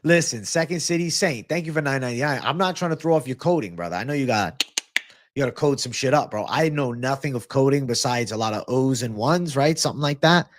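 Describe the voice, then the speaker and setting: Young guy chatting on a live stream, says bro a lot, dry close sound, average pitch. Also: fast talker, dry recording. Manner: casual, swears, thanks viewers, calls them bro. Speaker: livestream host. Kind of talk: casual live-stream chat reading chat.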